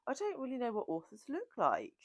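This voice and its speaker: A woman's voice: on the high side, huge pitch swings, fairly quick, slightly rough, dry recording. A woman hosting a book channel, chatting casually and self-mockingly through a Q&A. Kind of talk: casual Q&A chat.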